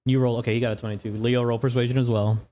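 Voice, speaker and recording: A male game master runs a tabletop session in a loose, casual way. He swears freely and laughs often as he narrates. His voice sits at an ordinary middle pitch. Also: little pitch movement, very fast, mellow.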